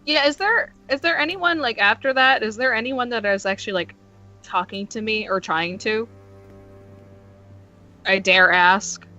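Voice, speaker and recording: A woman player describes her character's actions in a bright, forward voice. The voice chat audio sounds dull and lo-fi, with faint music behind. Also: fairly high pitch, normal speed. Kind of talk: tabletop role-play over voice chat.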